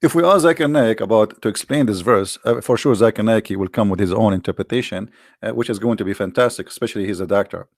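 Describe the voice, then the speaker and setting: A man's voice: lowish voice, dry recording, clean studio sound. Sarcastic man in mocking commentary. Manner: mocking, repetitive, halting non-native English. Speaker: religious debate host.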